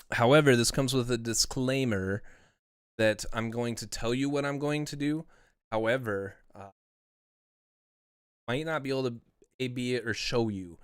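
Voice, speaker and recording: Man, relaxed live-stream talk, casual swearing, smooth clear voice, dry close mic. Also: medium pitch, no room sound. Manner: laid-back, swears casually, rambling. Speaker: streamer and mastering engineer.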